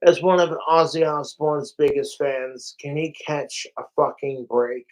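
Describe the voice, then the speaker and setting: A man's voice: on the high side, a little slow, poor audio. A man livestreaming, rambling profanely and animatedly straight to his viewers in casual chat. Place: home, overnight livestream.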